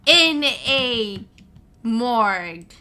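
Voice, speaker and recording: High bright sarcastic woman player. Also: lively intonation, drawn-out words. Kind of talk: casual tabletop game chat.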